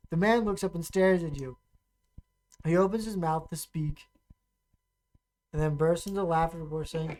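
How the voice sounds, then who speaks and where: A streamer plays a text adventure in a relaxed way, reading the story aloud and thinking out loud as he types, often pausing and starting over. His voice is medium-pitched and steady, in a low-quality recording with keyboard typing and clicks in the background.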